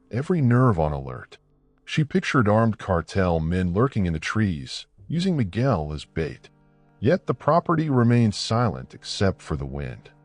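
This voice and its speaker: A man's voice: lowish voice, dry recording. A man giving scripted, dramatic narration of a suspense story.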